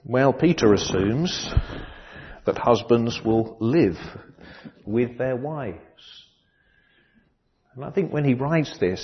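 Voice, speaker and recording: A middle-aged man preaching a sermon, measured and dryly humorous, often restarting his phrases. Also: medium pitch, expressive, in a large hall, lo-fi sound. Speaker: pastor.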